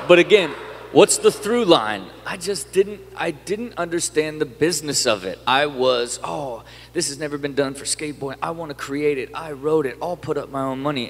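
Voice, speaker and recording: A man telling stories in a casual interview, animated and profane, full of fillers and restarts. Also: on the high side, normal speed, in a large hall, a little hiss or hum. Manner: animated, swears a lot, many fillers and restarts. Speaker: podcast guest.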